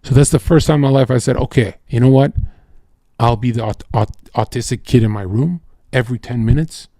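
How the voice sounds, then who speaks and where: A man's voice: medium pitch, a little fast, mellow, dry recording, clean studio sound. A man streaming live, talking in a casual, profane, rambling way and often saying "bro" and "like". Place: home streaming setup.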